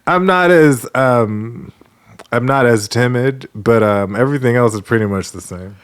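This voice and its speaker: A man's voice: medium pitch, normal speed, smooth. A young adult man hosting a podcast in casual chat, telling stories with lots of laughter and acted-out quotes. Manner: animated storytelling, laughs often, switches into quoted voices. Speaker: podcast host.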